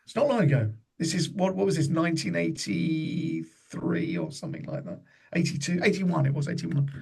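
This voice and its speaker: A man spins loose, chatty stories as a podcast guest. His voice sits a little high, with a gravelly fry and a husky edge. He keeps mimicking the people he talks about. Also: very animated, normal speed, a little mellow. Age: 50s. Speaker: comedian guest. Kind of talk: casual podcast anecdote.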